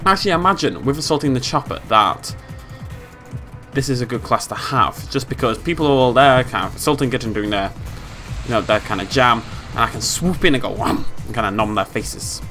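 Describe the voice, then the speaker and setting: A British man giving playful, excitable commentary on a game he is playing, humming tunes and yelping with glee. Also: mid-range voice, brisk. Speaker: gameplay commentator. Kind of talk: casual let's-play commentary. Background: game music.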